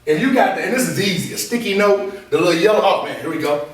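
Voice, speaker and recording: A man giving an animated motivational talk to a live group, often checking whether the audience is following him. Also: sits high, fast. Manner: animated call-and-response, repeatedly asking the audience to follow along. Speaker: motivational speaker and coach. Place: meeting room with an audience. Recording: echoey room from far off.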